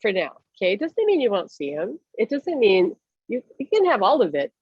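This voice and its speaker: Woman medium, lively and chatty, lo-fi dry recording. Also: mid-range voice, fairly quick, husky, dry recording. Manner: animated, acts out voices, laughs often. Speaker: medium giving readings. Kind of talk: casual reading over a call.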